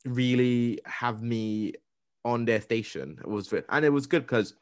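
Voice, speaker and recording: A young man tells a story in a casual chat, full of energy and acting out the other people's voices. His voice sits at an ordinary middle pitch. The sound is dry, with no room echo. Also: measured pace. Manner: animated, acts out quoted voices with big pitch jumps. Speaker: radio presenter and podcaster.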